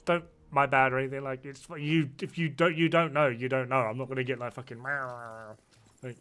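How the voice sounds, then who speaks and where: A man's voice: medium pitch, fairly even intonation, normal speed, fairly bright tone, clean tone. A man in his thirties in casual gaming chat, blunt, sweary and rambling. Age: 30s. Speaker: player.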